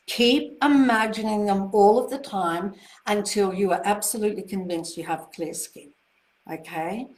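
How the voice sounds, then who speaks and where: A woman's voice: medium pitch, reverberant, poor audio. A woman author answering viewer questions in a live online session, reassuring and encouraging. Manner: reassuring and encouraging, gushing over viewer greetings. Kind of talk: live online Q&A, casual talk.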